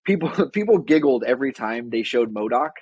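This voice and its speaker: A man's voice: mid-range voice, expressive, brisk, a little mellow, slightly rough, no echo, dull audio. A man co-hosting a podcast, chatting casually in a rambling, wry way and often correcting himself mid-sentence. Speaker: podcast co-host. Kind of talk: casual chat.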